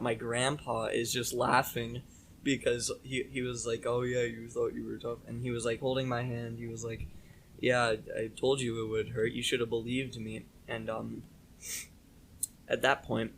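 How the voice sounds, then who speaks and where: A young man co-hosts a casual podcast and tells a long story from school. He rambles, fills gaps with ums and likes, and gets animated at the funny parts. Faint noise sits behind the voice. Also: mid-range voice, moderate pace, vocal fry. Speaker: podcast co-host.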